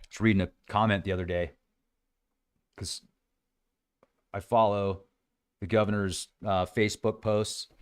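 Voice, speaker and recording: A man hosting a casual livestream, talking in an animated way and acting out other people's voices now and then. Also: fairly low pitch, clear, resonant tone. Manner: animated, acts out quoted voices. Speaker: host.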